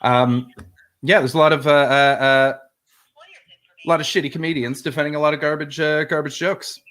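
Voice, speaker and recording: A man's voice: on the high side, steady tone, normal speed. A man hosting a stream, thanking viewers and chatting playfully with friends. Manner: playful, shout-outs to viewers. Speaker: streamer and host. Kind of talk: casual chat.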